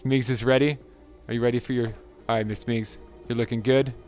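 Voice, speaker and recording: A man's voice: mid-range voice, fairly even intonation, brisk, a little mellow, faint music behind. Chuckling man commentating gameplay. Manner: amused, laughs often, chatty. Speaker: gaming channel host.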